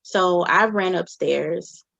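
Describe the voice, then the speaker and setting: A woman's voice: lowish voice, slow pace, creaky, a bit bright, dry recording, highs cut off. A young adult woman recounting her own experiences in an interview, often voicing what others said. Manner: recounting events with quoted dialogue. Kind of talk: personal testimony.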